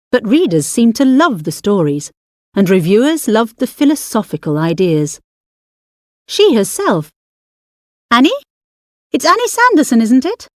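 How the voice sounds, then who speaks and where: An audiobook narrator, a woman, performs a scripted story in a measured yet expressive manner, her intonation rising and falling with liveliness. There's no echo, and the audio sounds dry and close.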